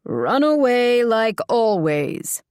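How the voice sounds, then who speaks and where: A woman's voice: fairly high pitch, sing-song, takes it slowly, darkish tone, smooth, no room sound, clean studio sound, pitched above the performer's own voice. A woman narrator voicing a domineering older father who taunts his daughters in a smug, offhand way. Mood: taunting.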